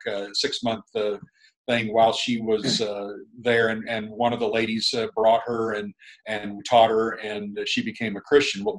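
On a low-quality recording, a middle-aged guest minister with a mid-range voice tells a long story. He rambles casually, chuckles, and keeps restarting his sentences.

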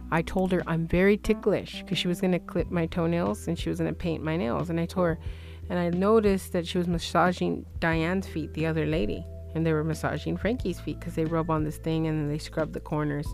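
A woman's voice: fairly low pitch, moderate pace, gravelly. Woman, podcast co-host, casual storytelling, acts out quotes, laughs often, faint music behind.

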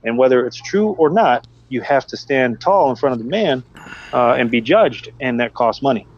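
A middle-aged man and former police officer, chatting on a podcast and telling animated stories about the job. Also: moderate pace. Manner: animated storytelling, acts out quotes in a high voice. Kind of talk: casual podcast chat. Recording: dull, dry podcast audio.

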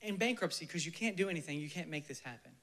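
A man whose voice sits a little high, with lively intonation, preaches a passionate sermon. He swings between emphatic bursts and hushed near-whispers, and at times leads his listeners in soft, slow prayer.

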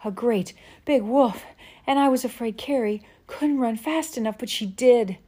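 A woman voicing a bold, eager young pioneer girl who talks in quick, breathless bursts. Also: on the high side, warm tone, husky, voice pushed up. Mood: urgent.

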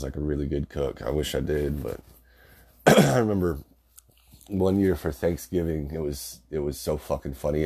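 A man's voice: extremely low pitch, dark tone. A young man casually telling family stories, rambling, swearing and laughing as he goes. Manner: rambling, profane, laughs through his stories. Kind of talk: casual storytelling.

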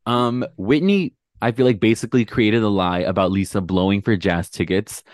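Young man, low voice, dry sound, casual gossipy recap, sarcastic. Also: normal speed, dry recording. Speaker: podcast co-host. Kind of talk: casual reality TV recap chat.

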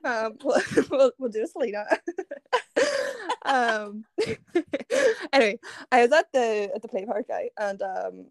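A young Irish woman tells a casual story as a podcast guest, laughing often as she goes. Her voice sits a little high. The sound is close and dry, with no room around it. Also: animated, slow pace, long pauses, no room sound. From Ireland. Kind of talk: casual chat.

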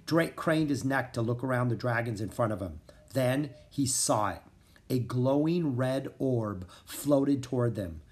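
A man reads a children's storybook aloud with a lively, swinging delivery. His voice sits at a middle pitch and he leans into the drama of each scene. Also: unhurried. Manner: expressive, dramatic reading. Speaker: audiobook narrator. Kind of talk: storybook narration.

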